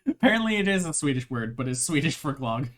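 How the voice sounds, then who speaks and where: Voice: medium pitch, sing-song, fairly bright tone. A live streamer chatting casually, rambling playfully with frequent restarts and laughter. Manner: halting, with many restarts.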